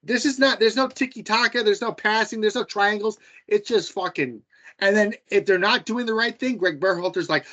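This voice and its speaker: A man's voice: sits high, normal speed, sharp tone. A man from the United States co-hosting a podcast, ranting heatedly and with lots of swearing in casual sports chat. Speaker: podcast co-host.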